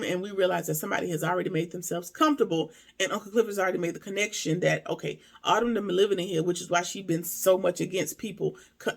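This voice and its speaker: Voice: medium pitch, creaky. A TV episode reviewer giving a casual recap and commentary, emphatic and talking straight to viewers with rhetorical questions.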